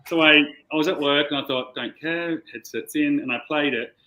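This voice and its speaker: An Australian man with a slightly high, sharp voice speaks at normal speed on a low-quality recording. Appearing as a client guest on a video call, he tells a rambling story in casual chat, swearing plenty.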